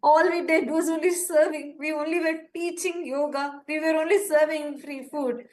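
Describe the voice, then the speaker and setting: Impassioned high-voiced woman pleading urgently. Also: fairly even intonation, moderate pace, a little mellow. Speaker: presenter of a live-streamed appeal. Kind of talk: urgent live-streamed appeal.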